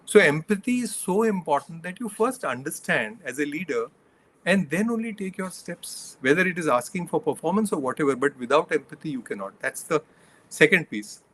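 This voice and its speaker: Middle-aged man, earnest explainer, interview guest, fairly high voice. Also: animated, a little fast, a bit bright. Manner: earnest, explains with examples and numbered points. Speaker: guest leadership coach. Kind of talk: interview answers.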